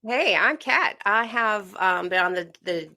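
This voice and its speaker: A woman co-hosting a podcast with a Midwestern-Southern mixed accent, relaxed and giggly with stumbling restarts. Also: medium pitch, measured pace. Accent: Midwestern and Southern American mix. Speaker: podcast co-host. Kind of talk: casual podcast chat.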